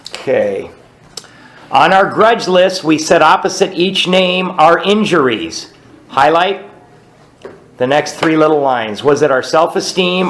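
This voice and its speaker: A man's voice: fairly high pitch, fairly bright tone, reverberant, a little hiss or hum. A man leading a recovery study group, teaching in a plainspoken, conversational way and often checking in with "right?". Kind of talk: teaching a group through a book.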